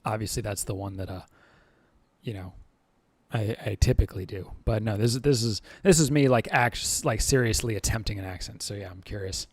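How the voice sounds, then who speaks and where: Livestreaming to his chat as a channel host, this man rambles casually with many fillers and restarts, chuckling often. His fairly low voice is brisk, and the recording is dry.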